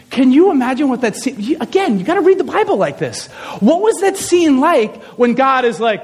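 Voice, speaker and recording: Man, very high voice, lively comic sermon, acts out stories, long hall reverb. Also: fast. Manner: animated, joking, acts out scenes. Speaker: speaker, high school teacher.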